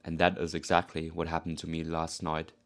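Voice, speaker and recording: A powerlifter narrating his training vlog in an earnest, measured voice-over. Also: extremely low pitch, monotone.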